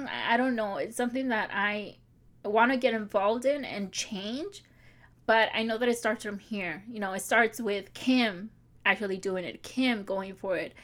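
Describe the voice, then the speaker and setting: A woman's voice: a little high, fairly bright tone. A woman in her forties, an online course creator, talking to her viewers in a chatty, heartfelt way, full of likes and restarts. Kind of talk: personal vlog talk.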